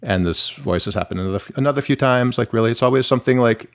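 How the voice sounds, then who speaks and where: A man's voice: mid-range voice, quick pace. A middle-aged man from Michigan, a musician guest, talking candidly and rambling with many restarts and fillers. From Michigan, USA. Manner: rambling, self-interrupting, many "like"s. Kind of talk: candid conversational interview.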